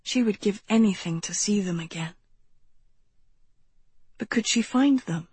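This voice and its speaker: A woman narrates a novel in a slow, gentle, measured way. Her voice is soft and breathy at a middle pitch. The recording is dry and close, with no room sound. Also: no room sound. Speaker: audiobook narrator. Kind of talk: scripted narration.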